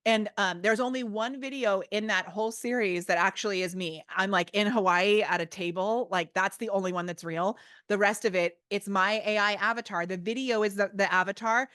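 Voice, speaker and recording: A woman guest on a podcast, telling stories in a bubbly, animated way with lots of fillers. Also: medium pitch, normal speed, smooth, no echo, studio quality. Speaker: guest, business coach. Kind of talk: casual podcast interview.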